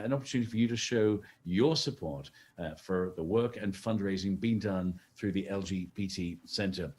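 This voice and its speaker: Speaking in a lowish, darkish voice, this co-host of an online fundraising gala keeps things chatty and jokey. He follows a script, bantering playfully while pressing the audience to give.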